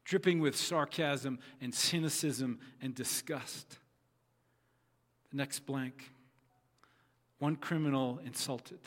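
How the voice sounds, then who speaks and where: A man's voice: medium pitch, takes it slowly, pauses often, fairly bright tone, big-room sound. A man preaching a sermon who acts out quoted speech and repeats his phrases for emphasis. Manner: voices quoted figures dramatically, repeats phrases.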